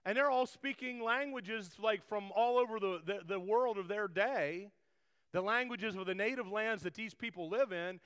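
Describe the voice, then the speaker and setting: A man's voice: high-pitched, a bit bright, clear, resonant tone. A man preaching a conversational sermon, rambling with frequent restarts and asides. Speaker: pastor. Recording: long hall reverb.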